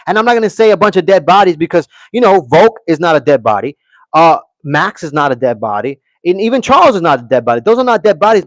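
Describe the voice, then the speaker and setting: In a high voice with no echo, a male livestream host gives opinionated, brash commentary on fights, reading viewers' chat messages aloud and replying to them. "Okay" and "guys" come up again and again.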